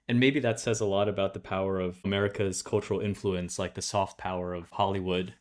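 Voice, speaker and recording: Low-voiced man asking thoughtful questions. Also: level tone, fairly quick. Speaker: interview host. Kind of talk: interview questions.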